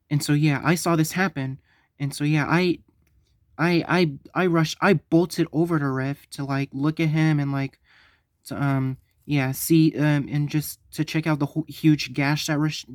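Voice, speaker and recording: A man telling a story on his vlog, halting and stumbling, often repeating himself. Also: on the high side, dry recording, studio quality. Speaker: vlogger.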